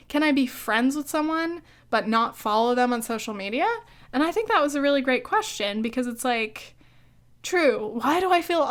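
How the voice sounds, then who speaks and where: Chatty, profane young woman podcasting. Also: high-pitched. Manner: chatty, profane, laughs often, filler-heavy. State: hiccuping. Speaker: podcast host. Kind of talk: solo casual podcast monologue.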